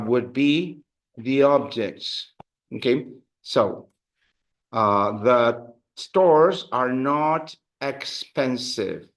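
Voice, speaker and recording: Slow-talking man teaching a class. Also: medium pitch, fairly bright tone. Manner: halting, many fillers and restarts, drills with counts. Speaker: Spanish teacher. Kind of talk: classroom language lesson.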